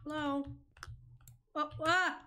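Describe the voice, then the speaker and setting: A young woman streaming a horror game, reacting out loud, swearing and talking to the game as she plays. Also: sits high, steady tone, takes it slowly. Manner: jumpy, swearing, talks to the game. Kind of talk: live gameplay reaction.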